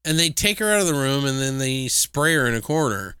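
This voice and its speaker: A man's voice: mid-range voice, lively intonation, a little fast, pushed and bright, clean tone, no room sound, clean studio sound. A man co-hosting a film review podcast, recapping plots in a rambling, profane, casual way. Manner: rambling, profane, acts out quotes in voices. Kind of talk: casual chat.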